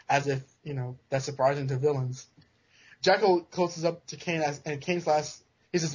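A man with a slightly high, husky voice retells a comic book plot, jokey and full of quick restarts. The recording sounds dull and lo-fi, as on a home podcast. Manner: joking, self-interrupting storyteller. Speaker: podcast co-host. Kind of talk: casual comic-book recap.

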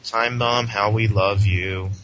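A man's voice: fairly low pitch, steady tone, slow, a bit bright. A man hosting a comic book podcast, reviewing an issue in a sarcastic, exasperated, ranting way. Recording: muffled lo-fi audio.

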